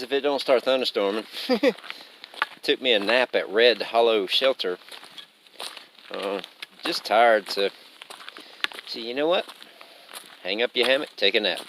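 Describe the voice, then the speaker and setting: A man's voice: medium pitch, fairly bright tone, a little hiss or hum. A man hiking a long trail and talking to his handheld camera in an easygoing, rambling, self-mocking way, sometimes short of breath from climbing. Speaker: thru-hiker vlogger. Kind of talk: casual trail vlog. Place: outdoors on a forest trail.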